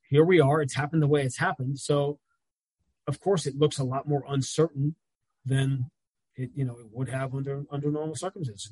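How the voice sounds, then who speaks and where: A man, a radio play-by-play announcer, talking sports as a guest on a video call, telling animated stories with quick asides. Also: fairly high pitch, husky, no echo, low-quality recording. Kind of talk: casual sports talk over video call.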